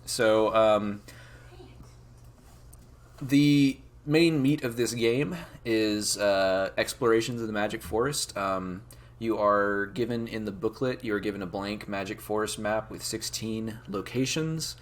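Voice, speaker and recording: A man's voice: lowish voice, a little slow. A man narrating a tabletop game as game master, talking casually with lots of fillers. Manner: casual, rambling with many fillers.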